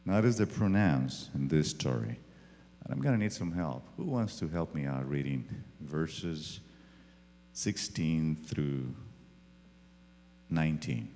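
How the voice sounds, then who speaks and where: Man, pastor, sermon, slow and drawn out, animated pitch, echoey church hall. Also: slight background noise. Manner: dramatic, swings from loud to hushed. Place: church sanctuary.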